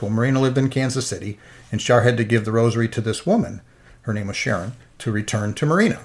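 A man's voice: medium pitch, fast talker. A middle-aged man, an interview guest, giving an earnest and emotional personal faith testimony.

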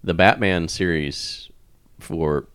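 A man's voice: low-pitched, takes it slowly, a bit bright, clean tone, dry recording. A man co-hosting a casual podcast, talking things through at length with some fillers. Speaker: podcast co-host.

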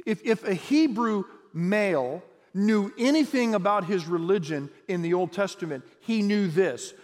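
A male pastor preaches in a notably high voice, speaking in an animated, chatty way with repeated restarts and light jokes. His sermon rings with a long reverb, as in a large hall. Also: measured pace.

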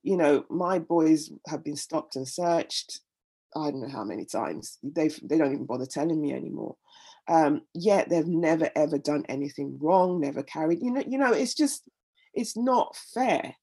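A middle-aged guest in a candid personal interview recounts her own story earnestly, from the heart, repeating words often as she sorts her thoughts. Her voice sits low and sounds mellow and slightly rough, with lively intonation and a moderate pace.

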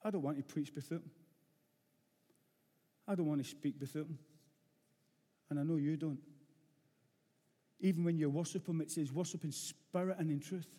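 Rough-voiced Glaswegian preacher in a hall. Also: male voice, on the high side, fairly even intonation, normal speed, long pauses, mellow. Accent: Glaswegian Scottish. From Scotland, Glasgow. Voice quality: rough-edged. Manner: blunt, earnest, repeats phrases for emphasis. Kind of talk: sermon. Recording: long hall reverb.

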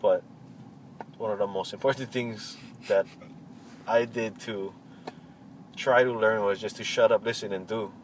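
Halting man. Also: lowish voice, steady tone, poor audio. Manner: halting, many fillers and restarts. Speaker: interviewee, cultural practitioner. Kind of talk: casual reflective interview. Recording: faint vehicle noise behind.

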